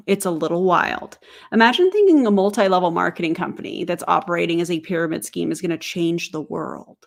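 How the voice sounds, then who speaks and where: A woman with a fairly low voice reacts to video clips in a sarcastic, chatty way, breaking in with quick laughs and teasing remarks. She talks as if to her viewers at home. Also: gravelly. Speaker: commentary host. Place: home, family heard in the background.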